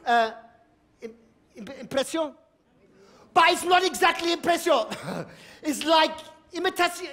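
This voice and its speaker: A man doing manic stand-up on stage, shouting, stammering and cackling as he mixes broken French into his English. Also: very high-pitched. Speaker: stand-up comedian. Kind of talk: manic clowning stage comedy. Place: theater stage before a live audience. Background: audience laughter.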